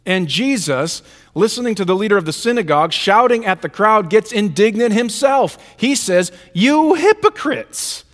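A man's voice: high-pitched, expressive, normal speed, a bit bright. A man preaching a sermon in a church, speaking with emphatic rhythm and repeated lists. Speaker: pastor. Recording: reverberant hall.

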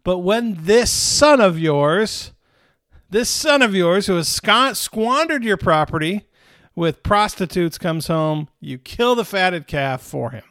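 A man's voice: high voice, big pitch swings, moderate pace, no room sound, clean studio sound. A man doing a resentful older brother. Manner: indignant, rising to exclaim.

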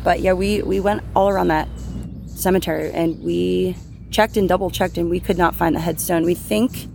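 Low, gravelly-voiced woman podcast host. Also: steady tone, normal speed, warm tone, slight background noise. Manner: reads the case steadily, then chats loosely with restarts. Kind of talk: true crime podcast, scripted narration and casual chat.

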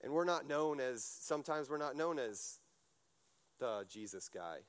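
A man preaching a casual sermon, telling stories in a chatty, animated way, full of fillers and restarts. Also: mid-range voice, unhurried.

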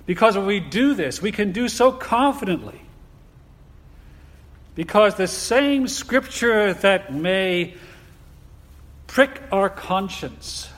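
Slow, emphatic male preacher in a reverberant hall. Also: sits high, a bit bright. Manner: deliberate, emphatic, with rhetorical questions. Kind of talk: sermon.

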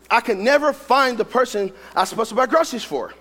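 A man preaching a sermon, telling a story in an animated way with repetition and humor. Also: very high voice, brisk. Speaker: pastor. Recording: long reverb of a large hall.

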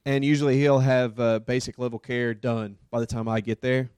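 A man who works as a paramedic tells a story in a casual, animated way, with lots of fillers like "dude" and "man". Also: mid-range voice, moderate pace, smooth, no room sound, clean studio sound. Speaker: paramedic and podcast host.

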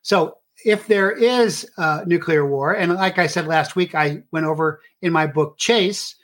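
A man's voice: on the high side, unhurried, a bit bright. A middle-aged man hosting his own show, talking in a rambling monologue full of filler "uh"s. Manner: rambling with many filler uhs. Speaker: show host. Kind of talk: casual monologue.

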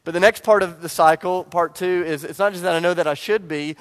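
A man's voice: high voice, brisk. A man in his forties preaching to a church congregation, telling a personal story with self-deprecating humor and frequent restarts. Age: 40s. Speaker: pastor. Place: church service before a congregation.

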